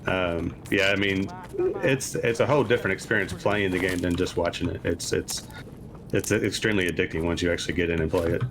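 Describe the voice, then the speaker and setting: A man from Kentucky playing along with a streamer, answering questions in a relaxed, hesitant way. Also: low-pitched, fairly quick, crowd noise. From Kentucky, USA. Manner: relaxed, hesitant, many fillers and restarts. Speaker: guest player. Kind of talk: casual gaming chat.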